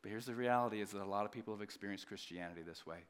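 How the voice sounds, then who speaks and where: A man in his thirties preaching a sermon, telling a family story with jokes and swinging between loud emphasis and quiet asides. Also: on the low side, racing, clean tone. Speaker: pastor.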